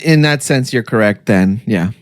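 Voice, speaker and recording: A man with a mid-range, animated voice talks at normal speed in clean studio sound with no room noise. He's co-hosting a podcast in casual chat, joking and laughing often.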